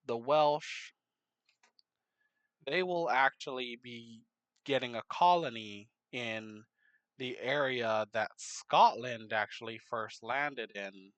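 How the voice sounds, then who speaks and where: A man narrating a map game in casual commentary, unhurried, muttering asides to himself. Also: medium pitch, fairly bright tone, clear, resonant tone, dry recording.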